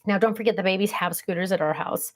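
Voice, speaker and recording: A woman's voice: medium pitch, fast talker. A middle-aged woman hosting a casual livestream, chatting in a rambling way and reading out viewer comments. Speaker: livestream host.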